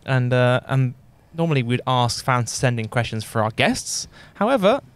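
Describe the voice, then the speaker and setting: A man's voice: medium pitch, sing-song, normal speed, clear, resonant tone. A man hosting a sports podcast, chatting casually with fillers and easy laughter. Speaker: podcast host.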